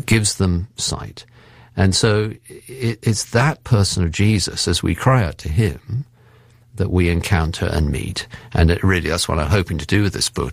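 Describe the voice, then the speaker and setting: A man who is a pastor and author, speaking haltingly and thoughtfully with many fillers as a radio interview guest. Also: deep voice, vocal fry, slightly rough, no room sound, studio quality.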